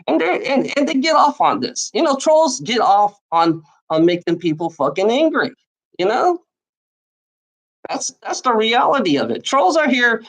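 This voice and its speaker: A man in the middle of an angry, profane rant to the camera. He stammers and restarts sentences again and again, and his pitch swings widely as he talks. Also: poor audio. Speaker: video maker.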